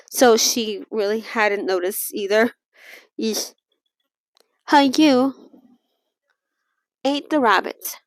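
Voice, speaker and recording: A woman's voice: on the high side, no room sound. Woman reading a novel aloud, dry sound. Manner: stumbles and restarts, laughs and comments between passages. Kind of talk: casual read-along with asides.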